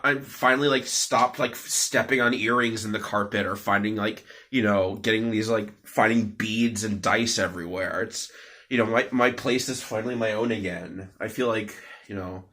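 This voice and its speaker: A young vlogger with a fairly low, bright, forceful voice gives an off-the-cuff personal update at home, rambling with lots of fillers and restarts.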